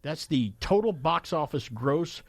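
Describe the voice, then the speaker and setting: A man hosting a radio show, chatting casually through trivia numbers in an animated way and laughing often. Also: on the high side, unhurried, dry recording. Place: radio studio. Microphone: studio microphone.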